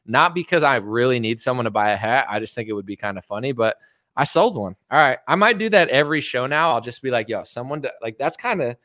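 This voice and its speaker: A young man hosting a livestream in a rambling, sarcastic way, full of filler words. His voice sits at an ordinary middle pitch. The sound is dry and close to the mic. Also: lively intonation, fast, sharp tone, no room sound. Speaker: livestream host. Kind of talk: casual livestream commentary.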